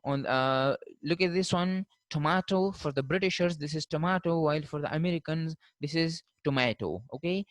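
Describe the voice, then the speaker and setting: A man giving a recorded linguistics lecture. He keeps saying "fine" between points and slows down to spell out each example word. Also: fairly high pitch, fairly even intonation, dry recording.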